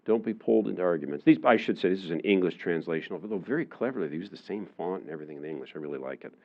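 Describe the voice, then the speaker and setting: A man giving a public lecture in a relaxed, conversational way, with many fillers, often acting out the voices of the people he quotes. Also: low-pitched, rapid-fire, highs cut off. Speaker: university lecturer. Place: lecture room.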